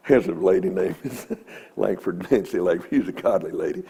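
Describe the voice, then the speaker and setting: A man's voice: deep voice, expressive, a little slow, gravelly, mellow, breathy edge. A man giving a folksy, emphatic Bible lesson in a church, quoting scripture. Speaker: Bible teacher.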